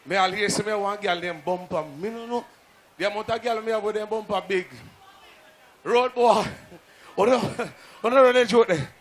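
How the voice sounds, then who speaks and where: High, rowdy Jamaican clash MC. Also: male voice, fairly even intonation, moderate pace, long pauses. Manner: rowdy, laughing patois banter. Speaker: sound clash MC. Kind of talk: hyping a live crowd.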